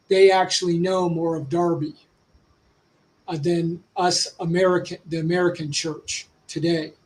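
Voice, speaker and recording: Sex: man. Style: casual livestream discussion. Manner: halting, with frequent restarts. Pitch: high for a man. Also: a little mellow, poor audio. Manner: halting, searching for words with many restarts.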